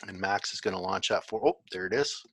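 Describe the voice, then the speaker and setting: A man presenting a webinar in a relaxed way, with many fillers. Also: low voice, quick pace, no room sound. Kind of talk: online presentation.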